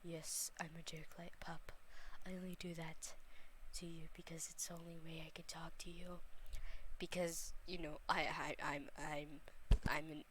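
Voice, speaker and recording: A woman's voice: low voice, animated, a little fast, slight background noise, pitched below the performer's own voice. Woman reading as a poor, hurting teen boy. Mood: sheepish. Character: poor hurting teenage boy hiding his pain.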